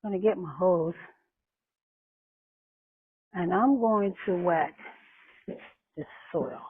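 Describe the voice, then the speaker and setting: A woman's voice: lowish voice, slow, slightly rough, no echo, narrow, tinny audio. A woman vlogging in her garden, talking casually and rambling with restarts as she waters and plants. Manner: chatty, rambling, with many restarts. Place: outdoors in a garden. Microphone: camera microphone.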